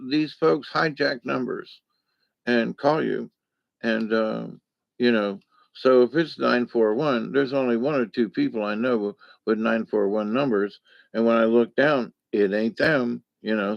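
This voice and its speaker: Gravelly folksy man. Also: medium pitch, dry recording, dull audio. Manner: folksy, digressive, full of fillers. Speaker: vlogger. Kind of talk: casual rambling monologue.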